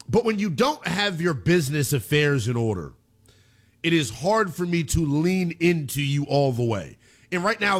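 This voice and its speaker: Animated man doing a sports talk show. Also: on the high side. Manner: animated, conversational, lots of "right?". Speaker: sports commentator. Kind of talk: casual sports talk monologue. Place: home studio.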